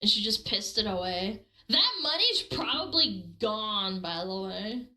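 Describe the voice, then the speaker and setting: Brief: woman streamer, lively sing-song pitch, slow loud giggly reactions. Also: low-quality recording. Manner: loud, giggly exclamations, crude jokes.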